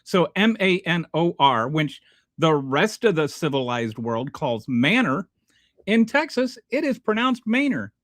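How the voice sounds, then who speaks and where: A man's voice: on the high side, very animated, measured pace, fairly bright tone, dry recording, clean studio sound. A male host giving sarcastic, rambling political commentary on a livestream and reading chat. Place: home near a small Texas town.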